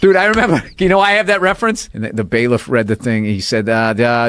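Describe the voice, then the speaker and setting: A man's voice: mid-range voice, fast talker, hardly any pauses, fairly bright tone, clean tone. A man chatting casually on a podcast, telling swear-filled stories and laughing often. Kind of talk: casual chat.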